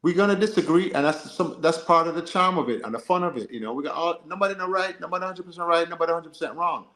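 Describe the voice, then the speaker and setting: A man co-hosting a football live stream, reading and answering chat in an animated, joking way. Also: on the high side, fast talker, reverberant. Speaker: livestream co-host.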